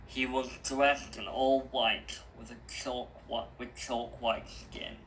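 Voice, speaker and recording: Slow, gravelly male storyteller. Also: medium pitch, flat delivery, a bit bright, slight background noise, rough recording. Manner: slow, deliberate, with small restarts. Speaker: narrator. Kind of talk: reading a story aloud.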